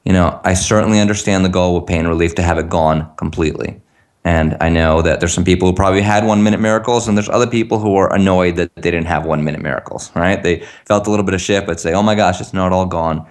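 A tapping practitioner, appearing as a guest on a call, gives an earnest coaching talk and acts out example phrases for listeners to repeat. His voice is low and fast.

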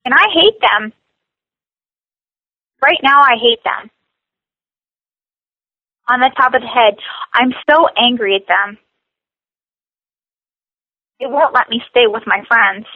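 A woman with a fairly high voice leads a guided tapping session, repeating short phrases slowly. The sound is dull and lo-fi, as over a call, and dry with no room echo. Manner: slow, repetitive scripted phrases. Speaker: tapping coach.

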